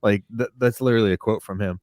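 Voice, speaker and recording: A man's voice: on the low side, steady tone, fast talker, a little mellow, no room sound, clean studio sound. A man co-hosting a podcast, chatting and joking casually while recapping a TV episode, with some swearing and laughter. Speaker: podcast co-host.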